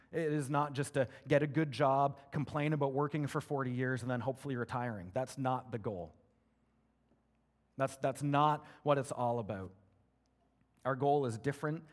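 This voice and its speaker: A man preaching a sermon as a pastor, in an energetic, conversational way full of rhetorical questions. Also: medium pitch.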